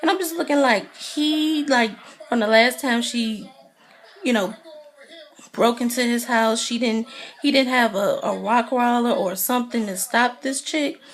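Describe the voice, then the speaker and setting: A woman casually recapping a TV drama episode in a chatty, animated way, acting out the characters' lines. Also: a little high, measured pace. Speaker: TV recap vlogger.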